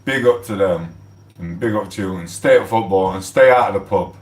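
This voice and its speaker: A man's voice: sits low, a little fast, distant mic. Rambling man on a livestream. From England. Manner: rambling, swears freely, shouts out to viewers. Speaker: livestream host. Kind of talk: casual livestream chat. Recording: echoey room, off the mic.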